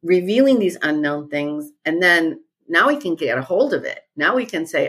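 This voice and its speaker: A woman with a low, husky voice who speaks as a podcast guest. She talks earnestly and thoughtfully and comes back to her key phrases. She leads retreats. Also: expressive, moderate pace, few pauses, fairly bright tone. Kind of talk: reflective podcast conversation.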